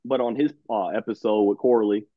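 A man's voice: on the low side, steady tone, brisk, no echo. A man hosting a casual podcast conversation, enthusiastic and saying "man" often. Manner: enthusiastic, says "man" a lot. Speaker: podcast host. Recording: dry, tinny phone-like line.

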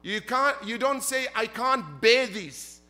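A man's voice: very high-pitched, animated, slow pace, bright, forceful tone. A man preaching a sermon as a sheikh, emphatic, repeating his points and asking rhetorical questions. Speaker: sheikh preaching at a Muharram gathering.

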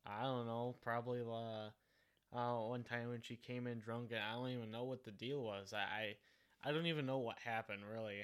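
Hesitant young man, halting speech. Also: mid-range voice, steady tone, clear, resonant tone. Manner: hesitant, many fillers, swearing. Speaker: guest. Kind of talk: casual chat.

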